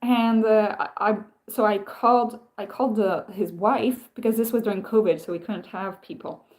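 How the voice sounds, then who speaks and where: A woman hosts a casual live stream with a voice of ordinary pitch. She rambles through her stories, often stops and starts her sentences again, and turns to read and answer viewer comments. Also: fairly even intonation, moderate pace, darkish tone. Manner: rambling, self-interrupting storytelling with many restarts.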